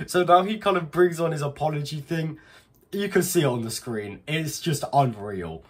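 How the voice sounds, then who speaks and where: A man's voice: mid-range voice, slightly rough. A man hosting an unscripted reaction video, talking bluntly with disbelief and swearing freely.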